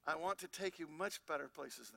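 A man's voice: a little high, moderate pace, gravelly, pushed and bright. A man pastor preaching a sermon, asking the congregation rhetorical questions and reading scripture aloud.

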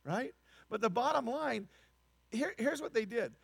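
A man preaching a sermon, animated and emphatic, with incredulous asides. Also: very high voice, a little slow, gravelly, slightly rough, no echo. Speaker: pastor.

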